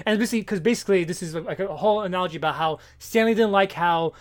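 A man in casual chat, retelling a comic's plot in a rambling, animated way with many fillers and restarts. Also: high-pitched, racing, few pauses. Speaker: comic book podcast co-host.

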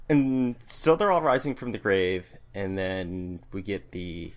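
A man's voice: low-pitched, a little slow. A man co-hosting a casual podcast about comics, talking animatedly, laughing often and acting out lines from the story. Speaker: podcast co-host. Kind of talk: casual comic book discussion.

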